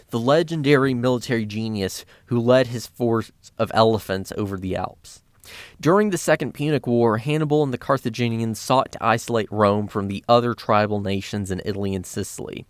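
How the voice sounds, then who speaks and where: A man's voice: medium pitch, no room sound. Dry, sarcastic male film critic. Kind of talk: scripted video-essay narration.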